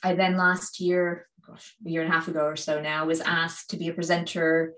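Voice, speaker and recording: A woman's voice: low voice, level tone, normal speed, a bit bright, reverberant. A woman from Canada with a Canadian accent touched by a slight British twang, chatting in an interview about cycling with frequent laughs and fillers. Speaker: cycling YouTuber, guest. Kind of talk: casual interview chat.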